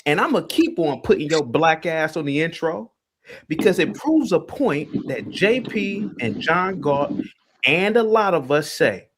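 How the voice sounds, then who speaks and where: Guy hosting a call-in stream, kinda high voice, big lively swings, taunting and repetitive. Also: a little slow, a little hiss or hum. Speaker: livestream host. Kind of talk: heated call-in stream rant.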